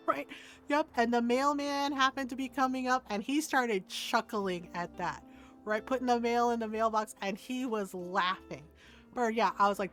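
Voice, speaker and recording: A woman chats casually while she streams a game, her voice sitting a little high. She tells stories in an animated, unfiltered way, swearing freely and laughing often. Soft game music plays underneath. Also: normal speed.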